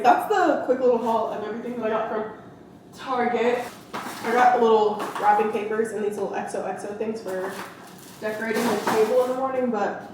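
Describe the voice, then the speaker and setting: A woman's voice: mid-range voice, far from the mic. A young woman, a mother, rambling casually through a shopping haul at home, full of "like", to a camera set down nearby. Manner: chatty and rambling, lots of "like". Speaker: vlogger, mother. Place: at home, indoors. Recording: very echoey room, off-mic, noisy.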